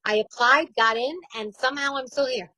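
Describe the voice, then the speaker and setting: A woman in her forties with a New York accent, a radio host telling her story in a casual interview, candid and quick to laugh. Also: high-pitched, fairly even intonation, pushed and bright, no room sound, low-quality recording.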